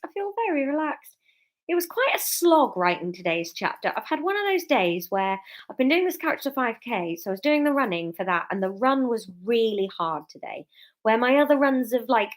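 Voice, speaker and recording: A woman a little tipsy from wine, talking in a loose, rambling, giggly way. She chats casually from home on a livestream and then reads her own story aloud. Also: medium pitch. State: a bit tipsy. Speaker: comedian and author reading her serial story.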